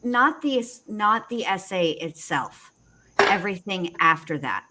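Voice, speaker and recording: A woman co-hosting a casual livestream, talking in rushed restarts with sarcastic asides. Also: mid-range voice, animated, heavy background noise. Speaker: co-host.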